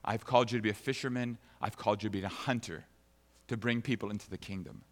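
A man's voice: fairly low pitch, steady tone, quick pace. A man preaching a sermon and reading scripture aloud, an emphatic speaker who repeats phrases for stress, heard in a church sanctuary. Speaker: pastor. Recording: long reverb of a large hall.

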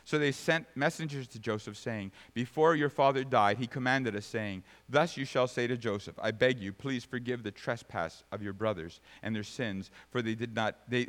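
Guy preaching a sermon, mid pitch, loud bursts then soft bits, big hall reverb. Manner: emphatic preaching with sudden high, loud outbursts and soft low asides. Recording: long reverb of a large hall.

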